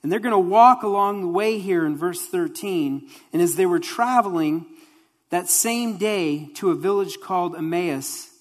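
Animated storytelling preacher, mid pitch, long hall reverb. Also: measured pace. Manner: animated storytelling with acted quotes. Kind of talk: sermon.

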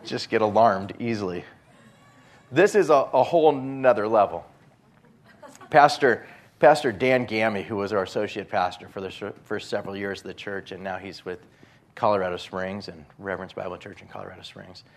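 A man's voice: lowish voice, normal speed. A male pastor preaching a sermon in a conversational storytelling way, acting out the quotes.

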